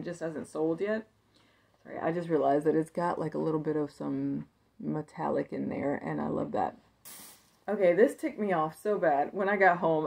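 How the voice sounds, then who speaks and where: A woman with a low voice walks through a haul of thrifted clothing in an easy, chatty way. Her voice often drops into a gravelly fry. She thinks out loud, stacking fillers as she goes. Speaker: thrift reseller showing a haul. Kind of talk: casual haul video chat.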